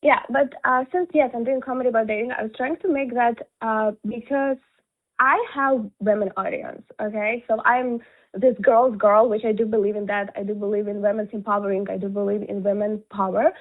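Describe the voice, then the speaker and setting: A woman's voice: on the high side, fairly even intonation, brisk. A young woman from Ukraine with a Ukrainian accent, chatting as an interview guest in loose, laughing talk. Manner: chatty, laughs often, loose non-native phrasing. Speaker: guest, content creator. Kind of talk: casual interview chat. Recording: narrow phone-like call audio.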